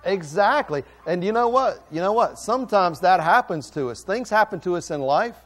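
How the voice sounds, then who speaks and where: Animated pastor giving a children's sermon. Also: male voice, sits high, normal speed. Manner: animated, playful, questioning children.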